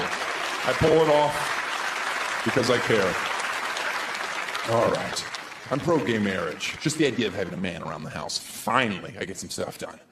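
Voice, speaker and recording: A man in his thirties performs stand-up with sarcasm and deadpan asides, his voice rising and falling in lively swings. He talks into a handheld mic in an echoey room. A live crowd laughs over a low background noise. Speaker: stand-up comedian. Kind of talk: stand-up comedy set. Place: comedy stage before a live audience.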